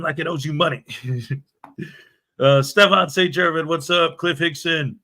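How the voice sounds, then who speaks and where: Bright-voiced joking man hosting a livestream. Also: fairly high pitch, a little slow, long pauses. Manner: jokey, chatty, reads viewer comments aloud. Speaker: livestream show host. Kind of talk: casual morning livestream chat.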